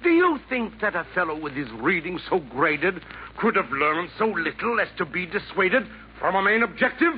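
A man's voice: sits high, very animated, normal speed. A man playing a vain, boastful Nero in 1940s radio acting, blustering in rhyme with sudden theatrical swings, on a tinny old broadcast with faint hiss. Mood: swaggering. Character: vain boastful emperor Nero, a devil's hired killer.

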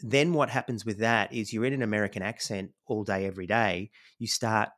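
A man's voice: fairly low pitch, fairly even intonation, brisk, a bit bright. A middle-aged Australian man, a podcast guest, telling his life story in a reflective, rambling way, with frequent "you know"s. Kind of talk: conversational storytelling.

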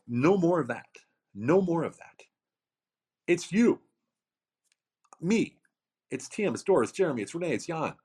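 Speaking in a mid-range voice with a somewhat dark tone, a middle-aged man gives forceful motivational talk on a podcast. He's the founder of a coaching program, and his speech leans heavily on repetition and rhetorical questions.

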